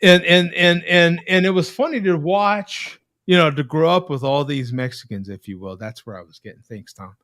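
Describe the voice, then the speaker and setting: A man's voice: a little high, moderate pace, hardly any pauses, fairly bright tone, no room sound, clean studio sound. A man hosting a casual video-call chat, telling rambling stories with frequent tag questions. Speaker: host.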